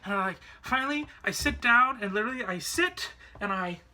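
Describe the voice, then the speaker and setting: A man's voice: high voice, lively intonation, a little fast, bright, forceful tone, slight background noise. A man from Canada, chatting to camera about a trip in a rambling way, full of fillers and restarts. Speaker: vlogger. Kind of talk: casual storytelling to camera.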